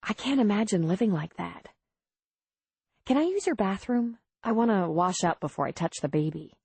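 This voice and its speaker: A woman's voice: medium pitch, big pitch swings, moderate pace, gravelly, a little mellow, husky, no echo, full character voice. Woman reading as a frank city midwife. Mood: troubled. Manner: earnest, candid.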